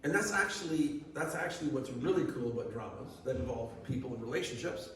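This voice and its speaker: A man's voice: mid-range voice, a little fast, fairly bright tone, slight background noise. A man giving a sermon as pastor, in a conversational way that asks the congregation questions. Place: church hall. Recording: echoey church hall from far off.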